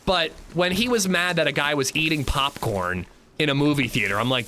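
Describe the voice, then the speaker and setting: A man hosting a casual livestream, telling animated, profane stories while playing and chatting with viewers. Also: fairly high pitch, normal speed, slight background noise. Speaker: livestream host.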